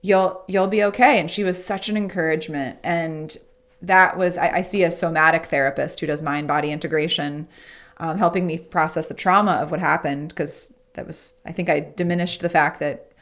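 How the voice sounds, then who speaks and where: A woman with a slightly low, gravelly voice, speaking as a guest in a casual podcast interview. She tells a personal story in an earnest, reflective way. Her tone stays conversational and sincere. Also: a little fast. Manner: acts out remembered dialogue in lively voices.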